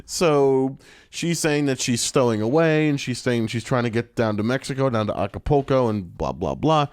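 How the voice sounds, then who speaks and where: A man's voice: mid-range voice, animated, moderate pace, smooth, no room sound. A man co-hosts a podcast and recaps a TV episode in loose, casual chat. He laughs often and acts out the characters' lines. His voice sits in an ordinary middle range, recorded dry and close. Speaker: podcast co-host.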